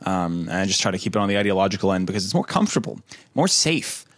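A young man co-hosting a podcast, talking in a deadpan, joking way in casual chat. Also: sits low, fast talker, no echo, studio quality. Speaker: podcast co-host.

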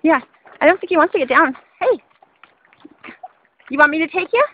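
A woman's voice: sits high, lively intonation, moderate pace, phone-quality sound. A woman talking sweetly to her dog in a casual home video outdoors. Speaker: dog owner filming her pet.

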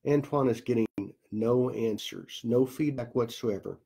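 A male pastor telling a story in a sermon, slow and deliberate with long dramatic pauses. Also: medium pitch, mellow, slightly rough. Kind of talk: sermon storytelling in a recorded Bible study.

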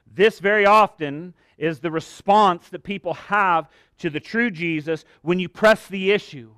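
A man's voice: high voice, unhurried, fairly bright tone, clean tone, dry recording. A man preaching an expository sermon, earnest and direct, reading scripture and adding joking asides.

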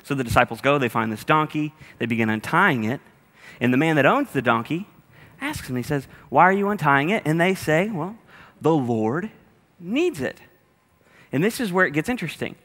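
A man's voice: a little high, bright, forceful tone, in a large hall. A man preaching a sermon as a pastor, talking in a humorous, conversational way straight to his congregation. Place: church auditorium with a congregation.

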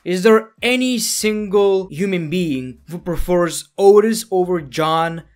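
Guy doing a wrestling recap voiceover, kinda high voice, sarcastic and jokey. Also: slow, soft background music. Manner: excitable, jokey, sarcastic asides. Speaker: wrestling reviewer. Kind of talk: casual show recap. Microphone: voice-over, no camera.

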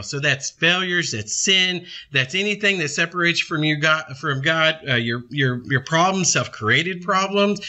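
A man's voice: on the high side, sharp tone. A man in his thirties leading a casual Bible study, talking conversationally and asking and answering his own questions. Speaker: preacher.

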